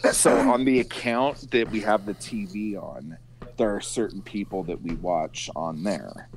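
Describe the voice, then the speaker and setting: A man's voice: fairly low pitch, a little slow, slight background noise. A man co-hosting a casual chat show over a video call. He tells stories with swearing and mimics the people he is talking about. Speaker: podcast co-host.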